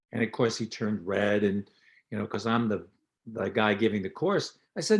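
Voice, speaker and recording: A man's voice: lowish voice, moderate pace. An older man, a dentist and lecturer, telling anecdotes and explaining technique in an interview, acting out the lines of people in his stories. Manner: anecdotal, teaching, acts out quoted dialogue. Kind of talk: storytelling interview talk.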